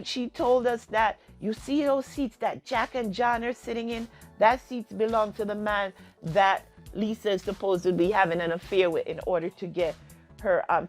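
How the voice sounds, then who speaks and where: A woman's voice: mid-range voice, steady tone, moderate pace, faint music behind. A woman casually retelling a reality TV episode, acting out the quoted lines with lots of fillers. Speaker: TV recap vlogger.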